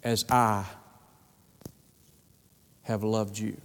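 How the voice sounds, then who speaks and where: A man preaching a sermon in a church, fervent, often acting out voices and rising to an excited pitch. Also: drawn-out words, in a large hall. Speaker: pastor. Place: church sanctuary.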